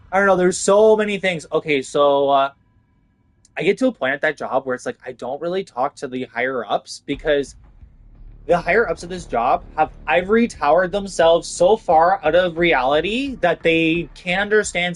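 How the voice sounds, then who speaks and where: With a fairly high, slightly bright voice, a young adult man vlogs a casual rant to camera about losing his job. He sounds frustrated, swears, and leans heavily on "like."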